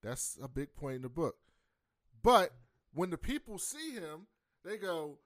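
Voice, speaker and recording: Animated emphatic man on a podcast. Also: a little high, a little slow, no room sound, clean studio sound. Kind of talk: casual podcast chat.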